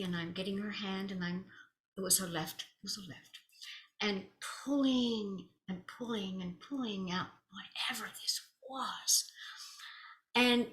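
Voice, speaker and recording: Woman healer, crisp bright tone, animated storyteller, echoey room. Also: medium pitch. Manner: animated, drops to whispers at intense moments; acts out quoted dialogue. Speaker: spiritual healer. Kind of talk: personal storytelling to camera.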